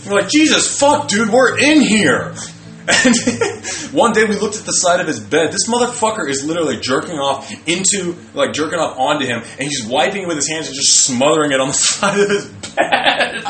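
A young man with a slightly high voice tells crude, profane stories and gets loud and animated when he quotes others. He is recorded in an echoey room with faint music behind him. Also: a little fast, few pauses. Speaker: podcast co-host. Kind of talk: crude casual storytelling.

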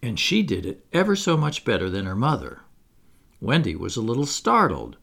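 A man narrating a classic storybook aloud in an expressive reading voice. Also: medium pitch, moderate pace, creaky. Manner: expressive, wide-ranging. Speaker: audiobook narrator.

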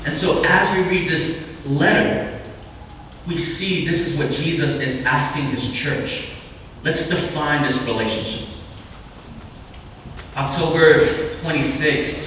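A man in his thirties preaching a sermon, telling a personal story with animated delivery and acting out the quotes. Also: a little high. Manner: animated storyteller, acts out quotes, laughs along. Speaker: pastor. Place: church sanctuary. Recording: echoey hall recorded from far off, background noise.

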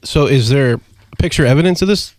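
A man's voice: medium pitch, brisk, darkish tone, no room sound. A man co-hosting a casual fishing radio show, easygoing and laughing along. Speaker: radio co-host.

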